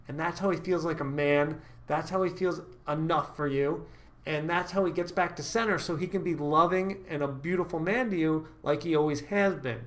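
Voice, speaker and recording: A man giving dating advice straight to camera, upbeat and emphatic, often checking in with his listeners. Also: a little high. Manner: upbeat, emphatic, frequent "all right?" check-ins. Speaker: dating coach. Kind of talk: direct-to-camera advice talk.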